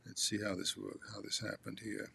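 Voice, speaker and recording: A man reading a memoir aloud to his father, halting with restarts and turning asides to the listener as "you". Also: on the low side, completely flat delivery, vocal fry, pushed and bright, a little hiss or hum.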